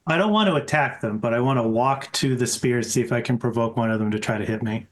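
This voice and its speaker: A man's voice: mid-range voice, fast. A man playing in a tabletop role-playing game, a little hesitant, checking the rules as he goes. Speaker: player. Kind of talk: casual tabletop play.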